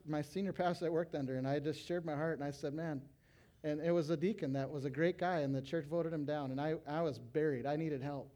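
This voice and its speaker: A middle-aged male pastor preaching to fellow pastors, animated, breaking into loud acted quotes. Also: on the high side. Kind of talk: sermon to pastors.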